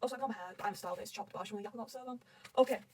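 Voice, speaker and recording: A woman's voice: medium pitch, very fast, distant mic, slight background noise, poor audio. A young woman gushing and rambling through a manga recap, swearing constantly. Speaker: manga reader reacting. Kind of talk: excited recap chat.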